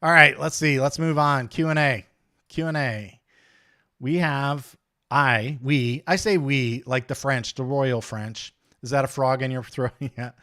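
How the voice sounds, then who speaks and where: A man's voice: medium pitch, unhurried, pushed and bright, no room sound, clean studio sound. A man hosting a casual livestream, chatty and blunt, joking and ranting while he reads viewer comments. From United States. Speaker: livestream host.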